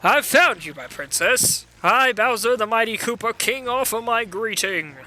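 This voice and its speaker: Guy doing a bombastic turtle king, high and swooping all over the place. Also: expressive, unhurried, sharp tone, full character voice. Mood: gloating. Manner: bombastic, blustering. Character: boastful mighty male turtle king.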